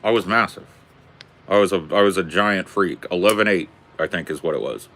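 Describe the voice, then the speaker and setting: A man in his forties with a very low, deep voice, chatting casually with viewers. He jokes around and rambles at an unhurried, relaxed pace. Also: slight background noise. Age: 40s. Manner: laid-back, joking, rambling. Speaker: streamer answering viewer questions. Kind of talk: casual chat.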